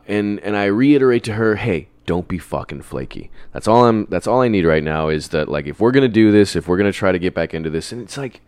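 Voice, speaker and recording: A young man, a podcast guest, tells a long personal story in rambling, casual chat. He swears freely and laughs often, his voice fairly low and free of echo.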